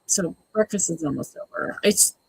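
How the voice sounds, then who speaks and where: Husky, sarcastic watch-along host. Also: mid-range voice, expressive, moderate pace, low-quality recording. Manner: exasperated, sarcastic, mimics the cast. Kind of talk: casual live watch-along commentary.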